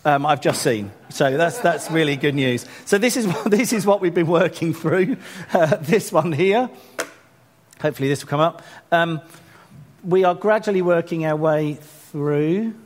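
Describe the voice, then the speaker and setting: A man leading a church gathering as pastor, chatting through announcements in a self-deprecating way and growing animated when he urges the congregation on. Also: fairly high pitch, measured pace, slight background noise.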